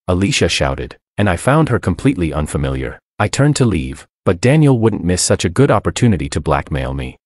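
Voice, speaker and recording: A man's voice: low voice, very animated, fairly quick, few pauses, darkish tone, no room sound, studio quality. A man narrating a scripted first-person story in a somber, bitter tone.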